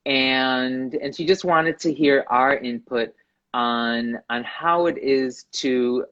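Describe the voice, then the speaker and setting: A middle-aged man co-hosting a casual live-stream chat, speaking haltingly with many fillers and restarts. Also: medium pitch, fairly bright tone, dull audio. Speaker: co-host, contortionist. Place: home, Tel Aviv. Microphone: live video stream.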